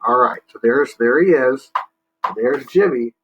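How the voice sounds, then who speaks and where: A man's voice: medium pitch, unhurried, a bit bright, highs cut off, soft background music. A male teacher reading a picture book aloud to children. He stops to explain words and asks the kids to join in.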